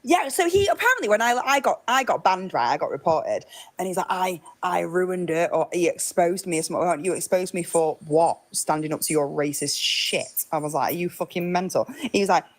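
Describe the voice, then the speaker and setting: A woman's voice: on the low side, animated, a little fast. A woman in casual stream chat, telling a story animatedly and acting out the voices of the people in it.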